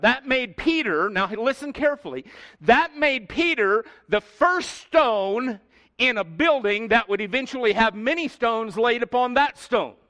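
A middle-aged man preaching a sermon as pastor, emphatic, slowing down and dropping his voice on key words. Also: extremely high pitch, bright, forceful tone.

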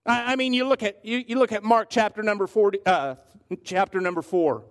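Male pastor, high voice, emphatic sermon delivery with slow stressed words.

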